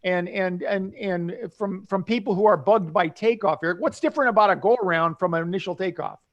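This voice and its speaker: An older man, an airline pilot hosting a live talk show, calmly explaining things to nervous flyers with many restarts. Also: high voice, fairly quick, dull audio. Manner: earnest, reassuring, with many restarts.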